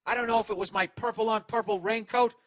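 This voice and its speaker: A man in his forties, a podcast host, telling a story as a loud, profane comic rant. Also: high-pitched, steady tone, fast, dry recording. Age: 40s. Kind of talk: ranting comic monologue.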